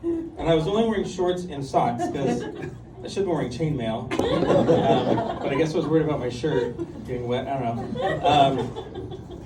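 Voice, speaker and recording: A man's voice: medium pitch, very animated, moderate pace, noisy background. A man in his fifties doing a conversational, self-deprecating stand-up set on a club stage, full of ums and likes. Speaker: stand-up comedian. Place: comedy club stage with audience. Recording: echoey club room recorded from a distance. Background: audience laughter and room ambience.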